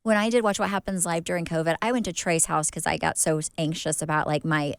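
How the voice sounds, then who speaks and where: A woman's voice: deep voice, steady tone, quick pace, clear, resonant tone, dry recording, studio quality. A woman co-hosting a podcast, telling a story in a rambling, casual way full of fillers and restarts. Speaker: podcast co-host.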